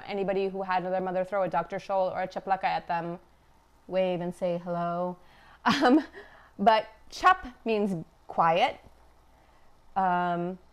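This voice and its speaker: A woman from Afghanistan hosting a casual cooking livestream from her home kitchen, chatty and wry, with a teasing humor. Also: mid-range voice. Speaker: cooking show host. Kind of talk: casual live-stream cooking chat.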